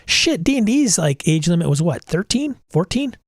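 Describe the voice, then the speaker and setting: A man's voice: sits high, sing-song, moderate pace, dry recording, studio quality. Blunt exasperated middle-aged man host. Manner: blunt, exasperated, swears casually. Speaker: podcast host. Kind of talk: casual livestream talk.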